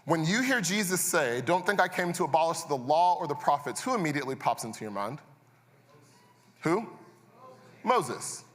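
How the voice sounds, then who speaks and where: A man's voice: on the high side, sing-song, normal speed, long pauses, fairly bright tone. A man preaching a sermon as pastor, conversational and building to intense, repeated refrains. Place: church auditorium. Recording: church hall reverb.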